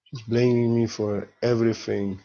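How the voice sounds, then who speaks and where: A man's voice: on the low side, level tone, normal speed, mellow, highs cut off. A man giving an informal spiritual talk as a teacher, speaking candidly and emotionally, blunt and sometimes swearing.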